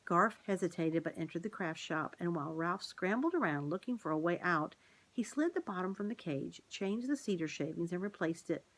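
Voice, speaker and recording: A woman reading a children's novel aloud in a gentle, steady storytelling voice. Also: fairly low pitch, moderate pace, low-quality recording. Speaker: reader.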